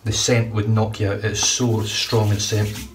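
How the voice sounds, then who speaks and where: A man's voice: on the low side, level tone, unhurried. A man casually reviewing shaving products, chatty and enthusiastic, a little rambling. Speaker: shaving vlogger. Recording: distant mic, faint room noise.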